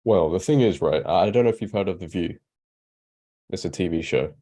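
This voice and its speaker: A man's voice: deep voice, lively intonation, moderate pace, mellow. A man, co-hosting a podcast discussion in a blunt, opinionated way. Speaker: podcast co-host. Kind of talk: casual discussion.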